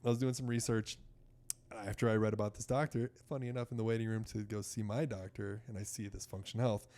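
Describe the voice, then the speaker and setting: A man from the United States in his thirties talks fast in a low voice as a podcast guest, telling a story casually. He's animated and swears, acting out doctors in quoted voices.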